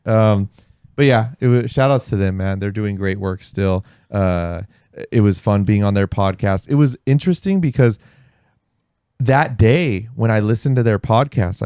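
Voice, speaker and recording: A man chats on a podcast, spinning animated stories and acting out what people said, swearing as he goes. His voice sits fairly low with a mellow, dark tone. The sound is dry and close, with no room behind it. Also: clear, resonant tone, no echo. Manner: animated storyteller, swears freely, acts out quotes. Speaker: podcast host. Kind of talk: casual podcast chat. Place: podcast studio.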